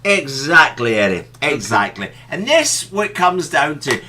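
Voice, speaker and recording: A man's voice: medium pitch, big pitch swings, measured pace, hardly any pauses, pushed and bright, a little hiss or hum. A man co-hosting a radio talk show, indignantly ranting and pressing his co-host with questions. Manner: indignant, repeats the other host's name.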